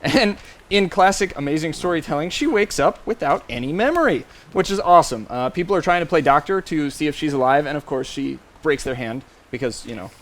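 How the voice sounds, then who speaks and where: Joking young man, high voice. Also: animated, brisk. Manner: joking, enthusiastic. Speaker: panelist. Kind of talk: casual comic recap.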